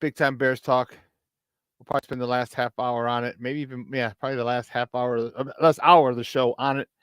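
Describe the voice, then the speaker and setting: A man's voice: medium pitch, fairly even intonation, a little fast, smooth, dry recording. Hyped sports talk show host, man. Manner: hyped, shouting out chat viewers with frequent laughs.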